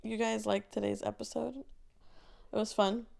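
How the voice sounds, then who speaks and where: A young woman co-hosting a casual podcast, her voice full of heavy, crackling fry. She chats in an upbeat, easygoing way. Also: mid-range voice, level tone, normal speed, a little mellow. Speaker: podcast co-host. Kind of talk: casual chat.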